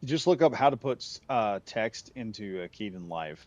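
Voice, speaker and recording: A man's voice: lowish voice, animated, normal speed, darkish tone, no echo. A man hosting casual chat while gaming, rambling through stories with many restarts. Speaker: gaming channel host. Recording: dull lo-fi mic.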